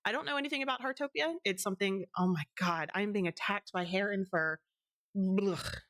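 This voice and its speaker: A woman's voice: mid-range voice, fast, fairly bright tone. A woman streaming games, chatting casually and rambling with lots of ums and small laughs. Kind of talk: casual stream wrap-up chat.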